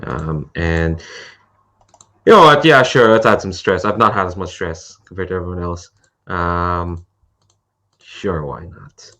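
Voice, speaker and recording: Bright-voiced man thinking aloud as a player. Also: low voice, unhurried, pauses often. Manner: hesitant, thinking aloud with many fillers. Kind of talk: describing character actions in a tabletop game.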